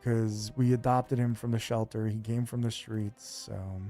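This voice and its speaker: A man streams a video game and chats casually with his viewers, rambling in a relaxed way full of fillers. His voice is lowish and unhurried, with soft background music playing.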